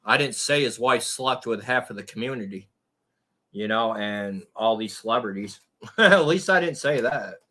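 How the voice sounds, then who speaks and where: A man's voice: mid-range voice, animated, normal speed, pushed and bright. A man live streaming and chatting casually with his viewers, rambling in a crude and profane way.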